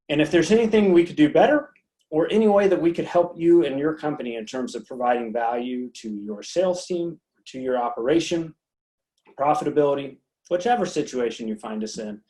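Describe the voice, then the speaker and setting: A man's voice: medium pitch, dark tone. Man coaching a sales-training talk. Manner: coaching, repeats words, asks "right?"; acts out customer dialogue in quick quotes. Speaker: sales consultant presenting. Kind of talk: recorded sales training presentation.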